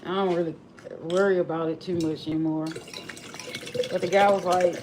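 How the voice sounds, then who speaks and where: A woman's voice: lowish voice, fairly even intonation, normal speed, background noise. A woman with a regional accent chatting casually on a livestream, reflective and often repeating and restarting her phrases. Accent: non-local regional accent. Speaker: livestream host.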